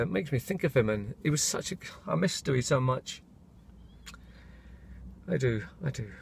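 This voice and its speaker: A man chatting casually to his camera in a rambling, self-interrupting way. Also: medium pitch. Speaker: vlogger.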